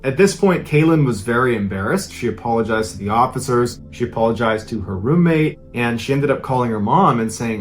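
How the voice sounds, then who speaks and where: A man's voice: mid-range voice, animated, brisk, hardly any pauses, faint music behind. Casual male true-crime storyteller. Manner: conversational, casual retelling. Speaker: podcast host.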